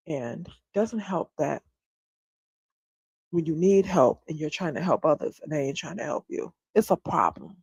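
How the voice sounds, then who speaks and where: A woman's voice: sits low, animated, moderate pace, a little mellow, husky, no echo, poor audio. A woman, a stay-at-home homeschooling mom, venting candidly to her livestream viewers and swearing freely. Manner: talks straight to viewers, often asks if they follow her. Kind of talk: casual livestream chat.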